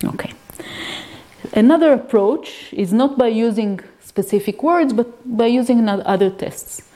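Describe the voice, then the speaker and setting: A woman's voice: on the high side, a little slow, dark tone. A woman lecturing on reading disorders, explaining step by step and checking in with her listeners. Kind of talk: academic lecture.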